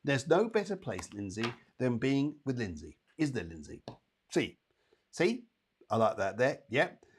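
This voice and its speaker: A man's voice: mid-range voice, big pitch swings, measured pace, slight background noise. A man hosting a live psychic show and giving readings, chatty and upbeat, addressing viewers by name. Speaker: psychic medium and show host.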